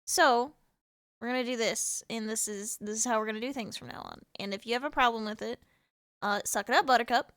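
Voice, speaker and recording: A woman's voice: on the high side, fairly even intonation, brisk, a bit bright, clean tone, dry recording, clean studio sound. A young American woman streaming a video game, chatting casually and playfully with her viewers and laughing often. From United States. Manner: chaotic, playful, laughs often, teases chat. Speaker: VTuber streamer.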